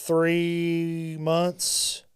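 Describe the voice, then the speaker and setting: Clear-voiced man spinning a story. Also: on the high side, completely flat delivery, extremely slow. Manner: storyteller acting out quoted dialogue. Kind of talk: casual podcast chat. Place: podcast studio.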